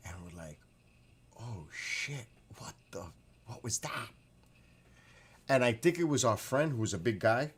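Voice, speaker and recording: A man's voice: medium pitch, husky. A man hosting a casual livestream, chatting and reacting to viewer comments with frequent exclamations. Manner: excitable, frequent exclamations and laughter. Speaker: livestream host.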